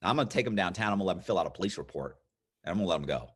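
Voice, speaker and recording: An American man in his fifties, appearing as an interview guest, tells a long story in casual conversation with a low-pitched, slightly rough voice at a racing speed. He's an animated storyteller who acts out other people's lines.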